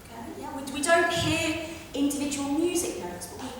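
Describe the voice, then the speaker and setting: A woman giving a chatty, brash stand-up comedy lecture on a theatre stage, with quick asides. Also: sits high, fairly bright tone, distant mic, slight background noise. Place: theatre stage before a live audience. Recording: echoey hall recorded from afar.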